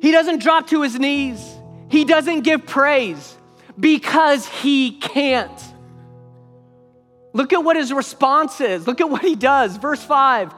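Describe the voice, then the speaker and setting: Preacher, high voice, emphatic sermon delivery, long hall reverb, faint music underneath. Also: lively intonation, slow, a bit bright. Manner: emphatic, repeats phrases for weight.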